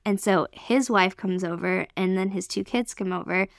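A woman from Canada telling an emotional personal testimony as a podcast guest, earnest and excited. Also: mid-range voice, normal speed, creaky, dry recording, studio quality. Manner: earnest, excited storytelling with many fillers.

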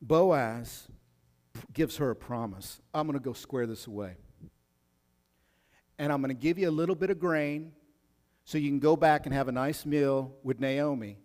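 A man's voice: mid-range voice, normal speed, pauses often, darkish tone, long reverb tail. A male pastor preaching a sermon in a casual, slangy way, sometimes acting out the people he talks about.

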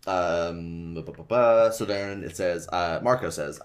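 A man with a very low voice talks through a book chapter the way you would tell a friend about it. He is loose and rambling, and he swears casually as he goes. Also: a little slow, reverberant. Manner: loose and rambling, full of "like" and "uh", reading passages aloud; swears casually and laughs at his own retelling. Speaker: podcast co-host recapping a book. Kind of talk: casual chat, retelling a story.

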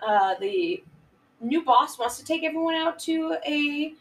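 A woman casually retelling a film plot on a podcast, laughing often and jumping into loud voices for the characters. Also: sits high, animated, measured pace, recorded from a distance, low-quality recording. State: giggly, a bit high. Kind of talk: casual chat.

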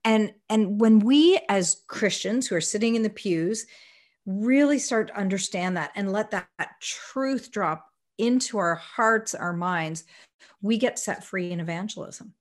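A woman's voice: mid-range voice, unhurried. A woman guest in an interview, earnestly telling stories and acting out what people said. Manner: earnest, animated, acts out quotes. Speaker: ministry guest. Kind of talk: conversational storytelling.

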